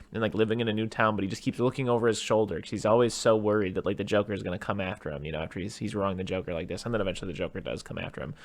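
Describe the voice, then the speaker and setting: Lowish-voiced guy hosting a movie podcast, rambly and animated, talks over his cohost. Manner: rambling, animated retelling with put-on quotes. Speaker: podcast host. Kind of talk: casual movie podcast chat.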